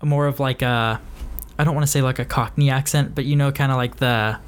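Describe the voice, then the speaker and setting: Male podcast host, mid-pitched, casual and hesitant delivery, many ums and restarts. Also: steady tone, brisk, a little hiss or hum. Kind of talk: casual chat.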